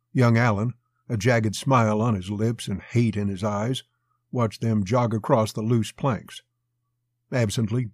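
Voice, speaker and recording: Man, audiobook narration, western story, husky, dry recording. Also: fairly low pitch, dry recording. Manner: steady storytelling.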